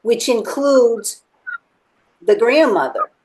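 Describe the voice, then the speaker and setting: A woman teaching a church group, explaining spiritual ideas slowly and deliberately, repeating her phrases. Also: fairly high pitch, expressive, a little mellow, slight background noise, poor audio.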